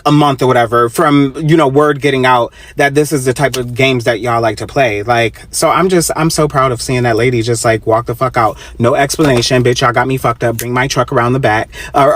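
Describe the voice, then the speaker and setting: A man giving casual commentary, telling a personal story in a blunt way with a lot of swearing. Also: mid-range voice.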